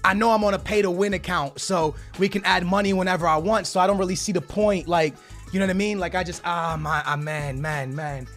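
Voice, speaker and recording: A young man opening game card packs, excitable and stammering, his voice shaky with excitement as he keeps calling out to his viewers. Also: high-pitched, fairly quick, soft background music. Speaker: gaming YouTuber. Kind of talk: excited pack-opening commentary.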